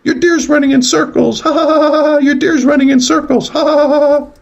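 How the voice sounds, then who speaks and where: A man's voice: very high-pitched, steady tone, a little fast, gravelly, voice pushed up. A man doing a giggling little ghost girl. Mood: taunting. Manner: sing-song, teasing laughter. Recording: dull lo-fi radio call.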